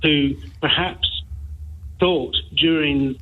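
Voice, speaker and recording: A man's voice: fairly high pitch, fairly even intonation, very slow. Hesitant male caller on a tinny phone line. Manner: hesitant and rambling. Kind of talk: phone-in call.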